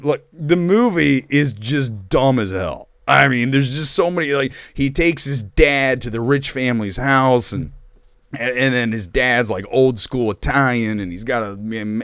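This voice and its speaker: A man's voice: medium pitch, fairly bright tone, no room sound, clean studio sound. A man hosting a live stream of movie talk, joking and rambling as he reads viewer comments. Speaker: host.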